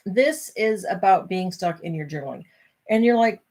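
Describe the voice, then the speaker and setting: A tired middle-aged woman hosts a late live stream about her self-help book, her lowish voice animated and moderately paced. She rambles apologetically and yawns in casual live-stream talk.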